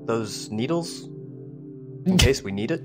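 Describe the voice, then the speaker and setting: A man at a tabletop game talks with a lively, swinging pitch, tossing off casual in-character jokes. A music track plays clearly behind the group. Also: a little slow. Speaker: player.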